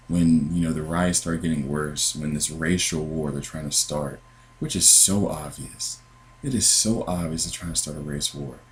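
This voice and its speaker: Low-voiced earnest man sharing dreams. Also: poor audio. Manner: earnest, meandering, many fillers and restarts. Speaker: Christian podcaster sharing dreams. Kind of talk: casual spoken testimony. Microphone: computer with headphones.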